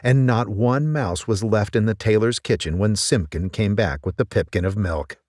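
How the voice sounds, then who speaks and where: A man reading a children's story aloud in a gentle, expressive manner. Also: on the low side, normal speed, no echo, studio quality.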